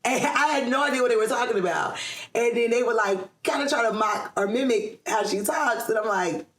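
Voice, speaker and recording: A woman's voice: on the high side, brisk, a bit bright, echoey room. A middle-aged woman from the Atlanta area, chatting as a guest in an interview, with lots of ums and frequent laughs. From Atlanta area, USA. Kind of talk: casual interview chat.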